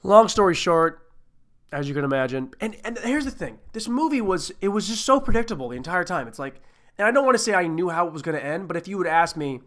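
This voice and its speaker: A man's voice: high-pitched, sing-song, quick pace, fairly bright tone. A man hosting a podcast, reviewing a movie in a loose, rambling, jokey way with plenty of swearing. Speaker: podcast host. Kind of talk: casual movie-review chat.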